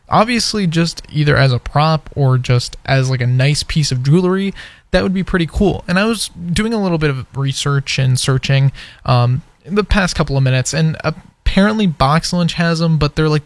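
A man's voice: medium pitch, no room sound. A young man hosting a college radio show, chatting casually and rambling with lots of fillers into a studio mic. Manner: rambling, filler-heavy, conversational. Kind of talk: casual on-air chat.

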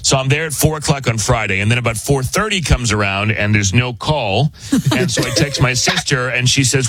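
Male host, casual storyteller: husky, animated, laughs easily, dry close sound. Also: mid-range voice, a little fast, no room sound. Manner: animated, laughs often, acts out quoted voices.

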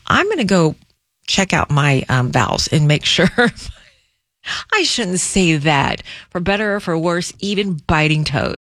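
Woman, casual podcast talk, candid and giggly, lowish voice, dry close sound. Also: animated, unhurried, a bit bright, no room sound. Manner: laughing, candid, self-aware. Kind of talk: casual chat.

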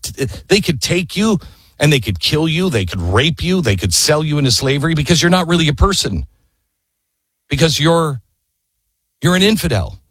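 An impassioned man tells history as a story, earnest and emphatic. He throws out rhetorical questions and presses his listeners to face every part. His husky voice swings widely in pitch, and it sounds dry and close. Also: no echo. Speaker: history speaker.

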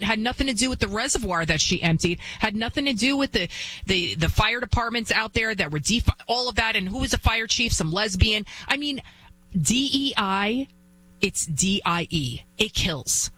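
A woman's voice: medium pitch, lively intonation, moderate pace, bright, forceful tone, low-quality recording. A woman hosting a talk show, delivering an emphatic, blunt monologue that repeats its points and keeps asking "right?".

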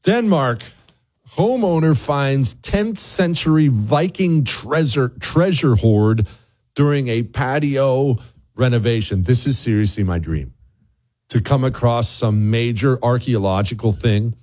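A man hosting a talk radio show, delivering an opinionated monologue in a sarcastic way, with his voice leaping up high when he mocks something. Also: lively intonation, unhurried, darkish tone. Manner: sarcastic, with big swooping pitch jumps for mockery.

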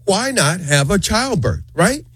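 A man on a morning radio show, telling a story with a high voice that jumps all over the place. His tone is a little husky and the studio sound is dry and close. He acts out the other people's lines as he goes. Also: big pitch swings, unhurried, fairly bright tone, dry recording.

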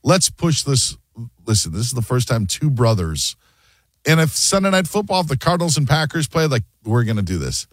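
A man's voice: medium pitch, normal speed, slightly rough, no echo. A man hosting a sports radio show, chatting casually and joking, often acting out quotes. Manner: animated, jokey, acts out quotes.

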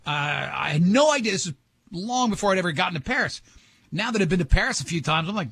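A man's voice: high voice, animated, fast talker, fairly bright tone, breathy edge, no room sound. An older man hosting a radio show, telling rambling, jokey stories in casual banter.

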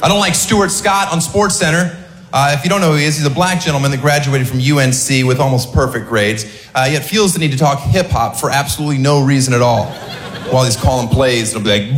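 A man doing a stand-up comedy set with a deadpan, mocking delivery. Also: medium pitch, fast talker. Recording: live club set, echoey, loud crowd and noise. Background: audience laughter.

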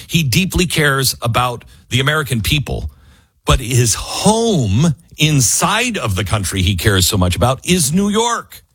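A man's voice: medium pitch, a bit bright, slightly rough, dry recording. A man hosting talk radio, giving emphatic, argumentative political commentary from a studio. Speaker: radio talk show host.

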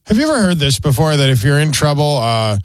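A man's voice: fairly high pitch, big pitch swings, fast talker, no echo. A man, co-hosting a talk show with opinionated, joking banter. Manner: joking, opinionated, does goofy voices. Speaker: radio show co-host.

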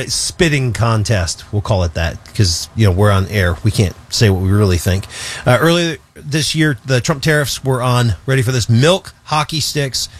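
A man co-hosting a radio show in casual on-air chat, animated and jokey, often restarting his sentences. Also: mid-range voice. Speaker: radio co-host.

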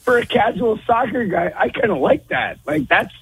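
A man from Minnesota calling into a sports radio show, hoarse after losing his voice, rambling and hesitant. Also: very high voice, expressive, moderate pace, a bit bright, low-quality recording. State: hoarse, lost voice. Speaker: radio caller. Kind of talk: call-in talk radio.

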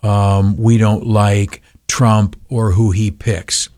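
A man's voice: lowish voice, flat delivery, slow, darkish tone, no echo, studio quality. An older man hosting talk radio, rambling with many fillers and turning blunt and indignant. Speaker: radio talk show host.

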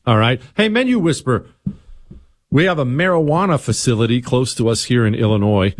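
A man's voice: medium pitch, lively intonation, normal speed, no room sound, clean studio sound. A middle-aged man hosting a talk radio show, sarcastic and teasing in his asides.

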